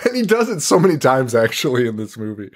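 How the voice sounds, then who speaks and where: A man's voice: medium pitch, sing-song, fast talker. A man co-hosting a podcast, casually recapping a film with lots of swearing, laughter and mocking quotes. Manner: profane, laughing, rambling recap with mock quotes. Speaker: podcast co-host. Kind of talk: casual chat recapping a movie.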